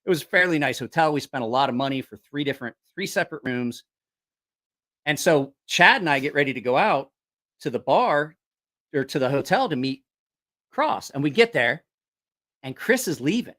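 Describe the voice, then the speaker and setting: Male channel host, casual rambling storyteller, swears a lot, animated. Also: fairly high pitch, normal speed, pauses often. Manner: rambling, profane, animated, with frequent restarts. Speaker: host of a knife-sales channel.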